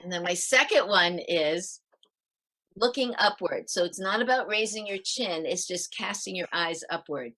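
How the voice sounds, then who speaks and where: A middle-aged woman on a video call, giving parenting advice in a lively interview and acting out her tips with sighs. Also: lowish voice, moderate pace. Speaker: parenting author guest. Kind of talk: animated interview talk.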